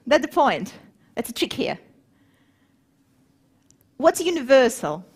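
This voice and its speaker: A woman speaking to a live audience in a planetarium, lively and animated, putting questions to the crowd as she goes. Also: high voice, a little slow, pauses often, breathy edge. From grew up between Moscow and Warsaw. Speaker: conference speaker.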